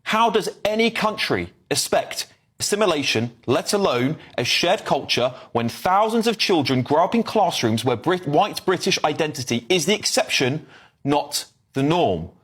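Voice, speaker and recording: A man reading out statistics in a measured, pointed way, then asking rhetorical questions. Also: fairly high pitch, expressive, fairly bright tone, breathy edge. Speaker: online commentator.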